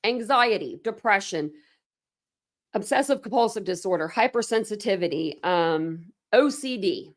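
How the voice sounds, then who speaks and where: With a mid-range voice and lively intonation, this woman delivers fiery commentary on online drama for her true crime channel. She cusses liberally and circles back to the same points as her anger builds. Her delivery turns slow and sarcastic whenever she reads documents aloud.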